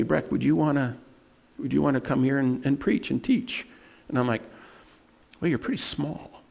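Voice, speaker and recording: A man preaching a sermon as pastor, telling personal stories in an earnest way and slowing down to stress scripture. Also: mid-range voice, vocal fry, a little mellow. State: emotional at moments.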